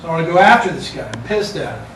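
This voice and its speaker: A man's voice: fairly high pitch, expressive, rapid-fire, fairly bright tone, far from the mic, slight background noise. A man teaching a class, with a casual, joking lecture manner. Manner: casual, joking, talks to students. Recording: echoey classroom recorded from afar.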